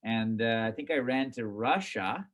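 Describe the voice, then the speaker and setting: Animated middle-aged man telling stories. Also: mid-range voice, a little slow. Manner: animated, self-mocking, acts out his past reactions. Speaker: company chairman and CEO. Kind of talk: casual storytelling in an interview.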